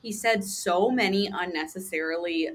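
A woman's voice: lowish voice, moderate pace. A woman from Texas co-hosting a casual chat, talking loosely with many fillers. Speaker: podcast co-host.

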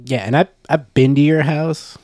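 A man's voice: fairly high pitch, steady tone, normal speed, a little mellow, dry recording, clean studio sound. A man co-hosting a podcast from a room at home into a stand microphone, trading jokes and teasing. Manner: joking, teasing banter. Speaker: podcast co-host. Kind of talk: casual chat.

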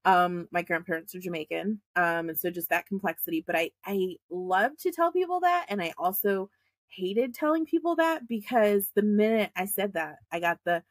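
A woman co-hosting a podcast in casual chat, animated and quick to laugh as she tells stories. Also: mid-range voice, no room sound. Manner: chatty, laughs often, animated storytelling. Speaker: podcast co-host.

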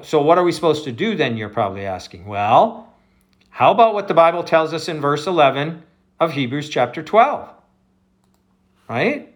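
Male pastor, slightly high voice, easygoing conversational sermon delivery. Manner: conversational preaching, addresses listeners as folks.

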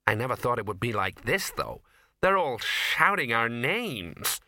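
A man's voice: medium pitch, big pitch swings, measured pace, sharp tone, no echo, clean studio sound, full character voice. A man voicing a young actress overwhelmed by a crowd of fans. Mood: anxious. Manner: anxious, wide-eyed. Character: young actress, startled by fame.

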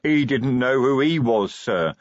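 A man growling as a gruff troll sergeant. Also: medium pitch, lively intonation, dry recording, lo-fi sound, pitched above the performer's own voice, lightly acted. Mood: protesting. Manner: slow, broken grammar, growling. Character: big gruff male troll sergeant, protective.

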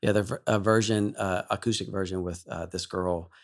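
A male worship leader, a guest on a talk show, telling an emotional story in an animated way and laughing often. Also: low-pitched, normal speed.

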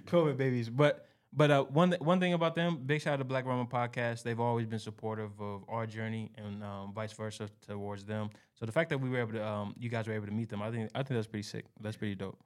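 A man hosting a casual podcast, steering the talk and tossing in quick agreeing replies. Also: on the low side, fairly even intonation. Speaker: podcast host.

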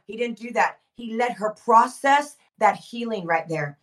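A woman preaching with fervor, repeating phrases for emphasis and rising to shouts. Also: on the high side, lively intonation, unhurried, recorded from a distance. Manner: fervent, emphatic repetition, swells to shouting. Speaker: guest preacher. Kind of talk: impassioned preaching.

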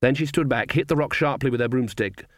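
A man narrating a comic fantasy novel in a dry, measured storytelling manner. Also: mid-range voice, no room sound. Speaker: audiobook narrator. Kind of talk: scripted narration.

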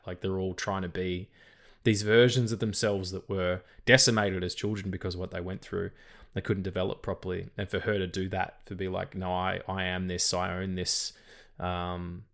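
A man's voice: sits low, a bit bright. A man co-hosting a film podcast, talking in a rambling, casual way, full of restarts and swearing. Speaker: podcast co-host. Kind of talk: casual chat.

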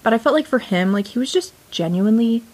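A woman's voice: on the high side, expressive, quick pace, a little mellow, slightly rough. A woman co-hosting a podcast in casual chat, rambling and searching for words with many fillers. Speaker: podcast co-host. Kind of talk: casual chat reviewing a TV series.

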